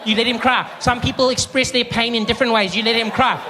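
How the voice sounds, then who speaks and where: A meddling, preachy woman who butts in to scold, as a male comedian puts her on. Her voice is pitched well above his own, loud and firm. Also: fairly even intonation, fast talker, slight background noise. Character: meddling, indignant woman bystander.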